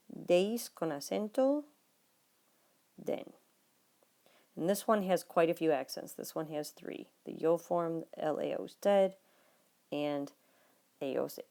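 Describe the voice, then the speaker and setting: Low gravelly-voiced woman teacher. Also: dark tone. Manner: explaining patiently, talking to students directly; drops to a low, near-whispered aside while writing. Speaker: Spanish teacher. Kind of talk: recorded classroom lesson notes.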